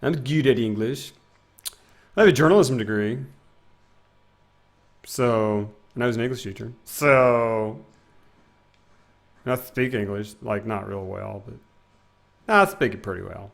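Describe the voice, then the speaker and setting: A man's voice: mid-range voice, a little slow, vocal fry, long pauses. A man in his twenties chatting casually with his live-stream audience while gaming, rambling, reading chat aloud and breaking into silly sing-song bits. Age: 20s.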